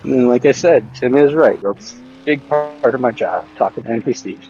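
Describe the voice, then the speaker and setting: A man in casual gaming chat, easygoing and meandering, his stories full of "uh" and "like". He talks at a mid pitch with an unhurried, friendly pace. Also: dull audio, faint music behind. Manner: relaxed, rambling storyteller with frequent fillers. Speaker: streamer playing a survival game with friends.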